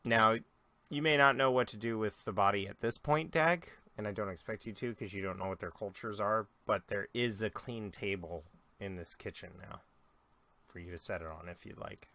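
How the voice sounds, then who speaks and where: Bright-voiced young man running a game. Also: on the low side, normal speed. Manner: relaxed, loose storytelling with many fillers. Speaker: dungeon master. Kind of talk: narrating a tabletop game.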